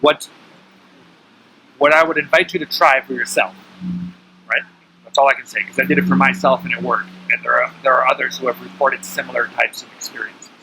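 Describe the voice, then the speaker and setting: A man's voice: mid-range voice, steady tone, brisk, pushed and bright, slight background noise, poor audio. A man teaching breathing awareness to a small group in a casual, coaching way, often checking in with his listeners. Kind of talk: casual instructional talk.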